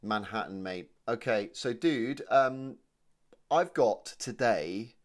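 A man's voice: fairly low pitch, expressive, slow pace. A man from England with a British accent, co-hosting a podcast in a chatty, matey way. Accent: British English. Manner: chatty, matey, says "mate" a lot. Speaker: podcast co-host. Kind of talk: casual chat.

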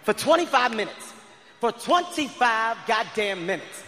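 High-voiced man shouting stand-up punchlines. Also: measured pace, a little hiss or hum. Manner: loud, animated, often shouting punchlines. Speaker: stand-up comedian. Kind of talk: stand-up storytelling. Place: large arena stage before a live crowd. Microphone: handheld stage mic. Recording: arena reverb with loud crowd.

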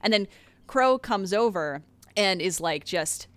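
Excitable woman chatting about game lore. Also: mid-range voice, a little slow, dry recording. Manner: excited, swearing, filler-heavy.

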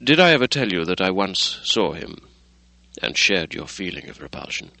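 A man reading the part of a concerned, good-natured middle-aged lawyer who speaks earnestly and briskly. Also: low voice, sing-song, gravelly, pushed and bright, dry recording, heavily acted, rough recording.

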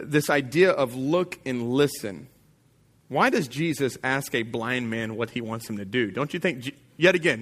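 A man's voice: on the high side, fairly bright tone. A man pastor preaching a sermon to his congregation in an emphatic, casual and plain-spoken way.

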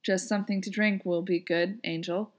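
A woman's voice: medium pitch, steady tone, normal speed, lightly acted. A woman voicing a laid-back male demon gardener who talks in an offhand, muttering way. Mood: teasing.

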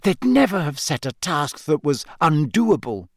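A man voicing a studious, insistent teenage girl with a brisk, cross manner, in a storybook reading. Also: on the high side, sing-song, dry recording, clean studio sound.

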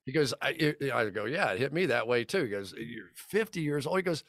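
A man in his fifties tells football stories in a relaxed podcast chat. He rambles and restarts often, slipping into quoted dialogue. His voice sits at an ordinary middle pitch, recorded close and dry. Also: a little fast, no echo. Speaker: football broadcaster guest. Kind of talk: casual podcast storytelling.

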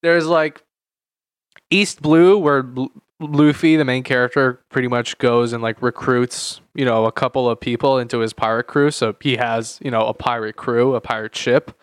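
A man's voice: mid-range voice, fairly even intonation, moderate pace, smooth, no room sound, studio quality. A young man in his late teens, co-hosting a casual chat podcast, rambling with lots of fillers and repeated words. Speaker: podcast co-host.

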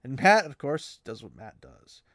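A man hosting a podcast, chatting excitedly about a fantasy novel, laughing often and mimicking characters. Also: mid-range voice, a little slow, dry recording, clean studio sound.

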